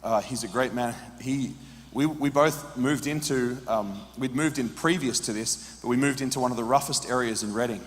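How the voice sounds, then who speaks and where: A man preaching a sermon, telling an emotional story that swings from hushed tones to shouts. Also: mid-range voice, moderate pace, long reverb tail.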